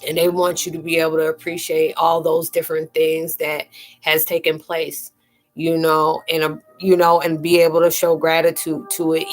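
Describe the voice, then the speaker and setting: A woman on a live-stream spiritual chat, her voice pitched a little low and close to tears. She talks earnestly and informally, calls her viewers sweetie and speaks to them by name, over faint music in the background. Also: fairly bright tone, poor audio. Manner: colloquial, fillers and restarts, calls listeners sweetie.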